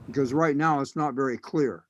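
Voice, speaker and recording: A man's voice: medium pitch, moderate pace, no echo. A man serving as archaeologist commissioner, raising skeptical questions during a public meeting.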